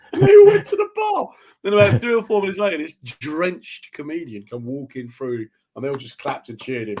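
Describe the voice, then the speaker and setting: A man's voice: on the high side, a little fast, crowd noise. Chatty man hosting, laughing often. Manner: animated anecdote teller, laughs often. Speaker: radio host. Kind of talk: casual chat.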